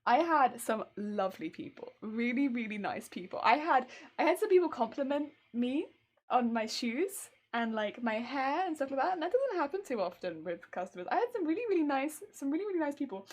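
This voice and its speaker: A young woman chatting casually on a crafting live stream, telling stories in an animated way and answering chat. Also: sits high, brisk. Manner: chatty, animated storytelling, reads chat aloud.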